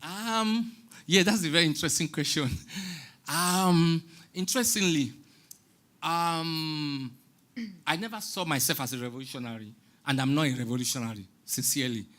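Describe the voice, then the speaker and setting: A man's voice: on the high side, fairly bright tone. A Nigerian man in his sixties giving a public talk on stage, passionate and preaching, dropping into Pidgin. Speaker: guest artist speaking on stage. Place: stage in a large venue.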